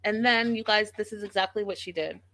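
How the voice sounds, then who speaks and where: A woman's voice: medium pitch, brisk, pushed and bright. A woman giving a casual, sassy recap of a reality show, acting out quotes in exaggerated voices.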